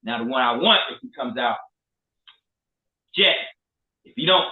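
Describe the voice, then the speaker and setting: A man co-hosting a casual sports talk show, animated and profane. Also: mid-range voice, a little slow. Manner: animated, profane, trash-talking. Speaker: co-host. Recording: echoey room, phone-like lo-fi.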